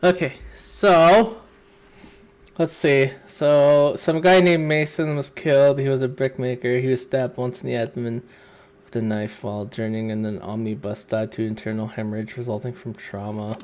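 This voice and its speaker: A man's voice: mid-range voice, level tone, normal speed, a little mellow. A young man casually chatting while streaming a courtroom game, rambling and laughing often.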